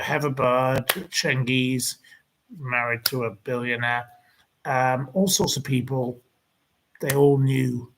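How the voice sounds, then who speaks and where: A man's voice: mid-range voice, a bit bright, poor audio. A man hosting a livestream, ranting indignantly and rambling as he answers viewer comments. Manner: indignant, rambling, repeats insults.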